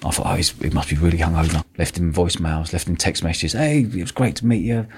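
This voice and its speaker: A man hosting a podcast, telling a lively story with lots of laughter and quoted voices. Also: deep voice, fast, slight background noise. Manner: animated, laughing, acts out quotes. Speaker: podcast host. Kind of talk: casual storytelling chat.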